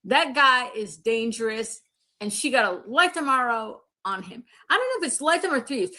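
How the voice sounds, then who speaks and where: High-voiced, joking woman podcast host. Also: moderate pace. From northern US. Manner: animated, profane, joking. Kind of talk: casual commentary.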